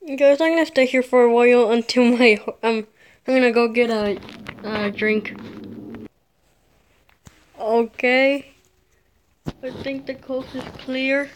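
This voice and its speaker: A woman's voice: a little high, takes it slowly, long pauses, a little hiss or hum. A frightened woman commenting on a horror game as she plays, jittery and laughing nervously. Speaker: gamer.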